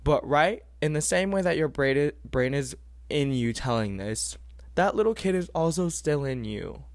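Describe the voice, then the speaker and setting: Young male podcast host, higher voice, dry close sound, sincere casual advice. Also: normal speed, no room sound. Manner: earnest, animated, repeats phrases for emphasis. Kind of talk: casual heartfelt advice talk.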